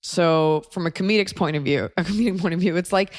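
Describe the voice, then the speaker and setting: A woman's voice: lowish voice, fast, no room sound, studio quality. A woman hosting a podcast, telling a personal story in a wry, conversational way and acting out what others said. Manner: wry, conversational, acts out quoted voices. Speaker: podcast host. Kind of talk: comedic storytelling monologue.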